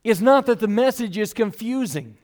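A man's voice: sits high, lively intonation, moderate pace, a little mellow. A man preaching an expository sermon, earnest and emphatic, who voices his listeners' objections as he goes.

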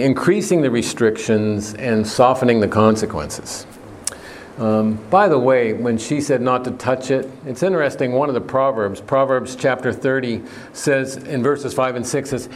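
A man preaching an earnest sermon in a plain mid-pitched voice, pressing on key words and putting questions to the congregation. A faint hum sits behind him. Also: unhurried.

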